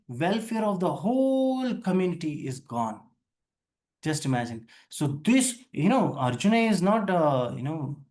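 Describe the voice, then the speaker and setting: A man with an Indian English accent teaching a scripture class, talking conversationally, questioning his listeners and dropping in Hindi words. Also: high voice.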